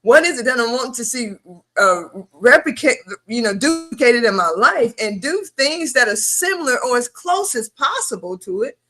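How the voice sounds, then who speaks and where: A woman with a fairly high voice co-hosts a late-night talk stream. She lectures in an emphatic, profane, preachy motivational way, building each point to a punch. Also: lively intonation, moderate pace, bright, forceful tone. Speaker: podcast co-host. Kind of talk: casual chat. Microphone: remote stream.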